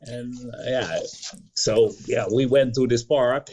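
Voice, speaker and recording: A Dutch man with a Dutch accent, a guest telling a travel story in casual chat, halting and restarting words. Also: medium pitch, steady tone, darkish tone, a little hiss or hum. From Netherlands. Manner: halting, restarts mid-word.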